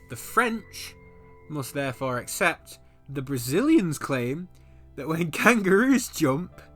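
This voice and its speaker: A man's voice: medium pitch, fairly bright tone. A man hosting his own channel, giving scripted comedic history narration with dry, sarcastic asides. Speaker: channel host.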